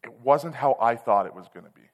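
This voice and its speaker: A man's voice: medium pitch, animated, quick pace. Man, preacher, sermon with personal testimony, candid storytelling, passionate outbursts, long hall reverb.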